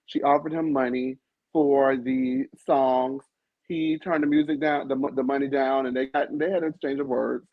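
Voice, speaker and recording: A man hosting a casual review panel, sassy and theatrical with quick comebacks, over a video call. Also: medium pitch, fairly even intonation, no room sound. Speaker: panel host. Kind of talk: casual pop-culture review chat. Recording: dull lo-fi dry audio.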